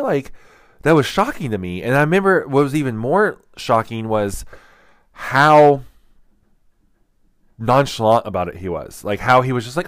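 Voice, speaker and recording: A man's voice: medium pitch, big pitch swings, normal speed, pauses often, fairly bright tone, no room sound. Rambling casual man, dry sound. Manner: rambling, many "like" fillers and restarts; candid, storytelling. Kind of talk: casual teaching talk.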